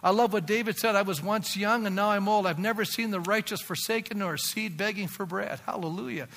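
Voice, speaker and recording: Male pastor, forceful bright tone, preaching with rising intensity in a reverberant church. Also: high-pitched, a little fast, gravelly. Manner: emphatic, rising to shouts, calls for amens. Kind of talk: sermon.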